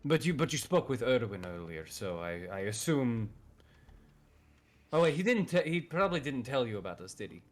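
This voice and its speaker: A man voicing an elderly male wereraven vintner who speaks in a formal, measured and slightly cryptic way. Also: mid-range voice, sing-song, lightly acted. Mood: reassuring.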